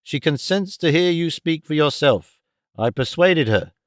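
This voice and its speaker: A man's voice: fairly high pitch, a little slow, dry recording, clean studio sound. A man doing a fussy, eager old clerk. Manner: excited, fussy, reassuring. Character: eccentric older male clerk, eager helper.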